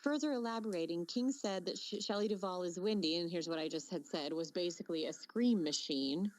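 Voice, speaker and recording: A woman with a somewhat low voice talks casually on a podcast she co-hosts. She rambles a little, circling back with fillers and restarts as she works through her thoughts. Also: fairly quick, darkish tone, rough recording. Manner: chatty, many fillers and restarts. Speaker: podcast co-host.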